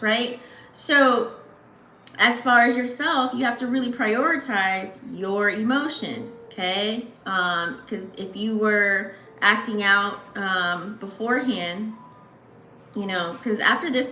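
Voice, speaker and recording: A woman's voice: mid-range voice, bright, forceful tone, a little hiss or hum. A woman hosting an astrology channel, giving a casual, slangy reading and talking straight to her viewers. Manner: slangy, chatty, addresses viewers directly. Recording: echoey room.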